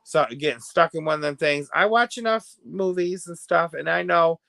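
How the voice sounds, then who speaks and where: The American livestream host gossips and reacts to comments, laughing often and shifting between hushed asides and loud bursts. His fairly high voice carries vocal fry at a moderate pace, in a dry recording.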